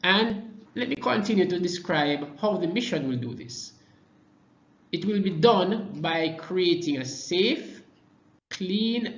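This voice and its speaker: A man from Jamaica delivers a political talk at an unhurried pace, stressing key words with deliberate pauses. His voice sits a little high for a man and carries an echoey room sound on a dull, lo-fi recording. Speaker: party vice president speaking to supporters. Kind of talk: political presentation.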